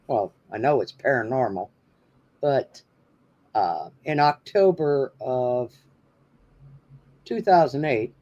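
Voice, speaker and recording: A man's voice: mid-range voice, dark tone, muffled recording. A man hosting a paranormal podcast, telling a story in a rambling, casual way with many fillers. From New Hampshire. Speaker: podcast host.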